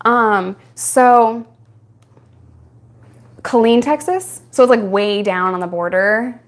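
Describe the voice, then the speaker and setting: A young adult woman from New York, hosting a casual live-stream Q&A and telling stories frankly, with frequent laughs. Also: medium pitch. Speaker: live-stream host answering viewer questions.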